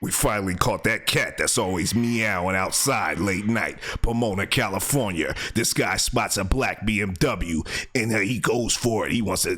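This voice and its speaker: A man hosting a comedic doorbell-camera clip show, calmly announcing places, then shouting and heckling the people in the clips. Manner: heckles people on screen, shouting "get lost"; lively pitch swings, calm place announcements. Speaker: host narrating doorbell clips. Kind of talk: comedic commentary over video clips.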